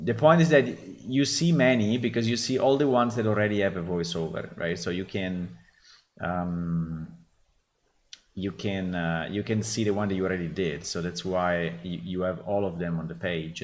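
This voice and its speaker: Blunt Italian-accented man, lowish voice. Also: normal speed, slight background noise. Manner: blunt, critiques and swears freely. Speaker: game developer host. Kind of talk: casual livestream commentary.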